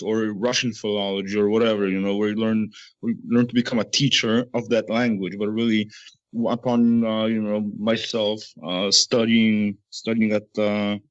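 A man's voice: lowish voice, no room sound, highs cut off. A man in a casual discussion who rambles, stops and restarts often, and fills gaps with "uh" and "you know.". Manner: rambling, halting, many fillers.

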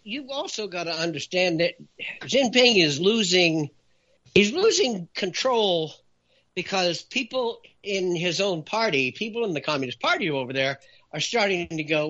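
A man talking in an animated opinion chat, raising his voice for emphasis. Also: sits high, moderate pace, dull audio. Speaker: talk show guest.

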